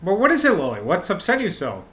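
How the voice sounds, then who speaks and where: A man voicing a kind-hearted young woman who gives gentle but firm advice in a raised voice. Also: sits high, wildly swooping pitch, fast talker, voice pushed up, heavily acted. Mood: kindly.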